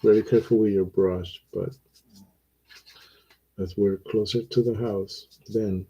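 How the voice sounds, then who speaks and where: A man teaching watercolor, talking through his painting in a relaxed, unhurried way with pauses and fillers. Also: on the low side, slightly rough, highs cut off. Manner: slow, thinking aloud while he paints, with pauses and fillers.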